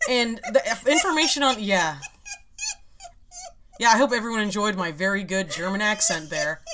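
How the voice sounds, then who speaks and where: A woman's voice: mid-range voice, moderate pace, long pauses, background noise. A woman hosts a casual podcast chat. She explains her topic in a wry, rambling way, with frequent laughs. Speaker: podcast host.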